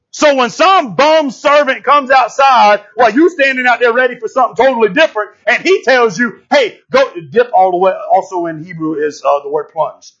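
Animated preacher with a husky voice. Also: male voice, very high-pitched, moderate pace, muffled recording. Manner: animated, call-and-response, frequent "right?". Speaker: pastor. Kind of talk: sermon. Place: church sanctuary.

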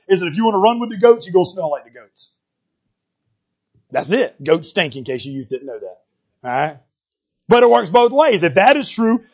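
A man's voice: high voice, darkish tone, husky, highs cut off. A man preaching a sermon in a conversational way, full of rhetorical questions and repeated words.

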